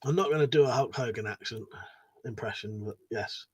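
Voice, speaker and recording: A British man with a slightly high voice speaks at a moderate pace while hosting a casual livestream. He reads viewer messages aloud and chats back in a matey way, swearing freely.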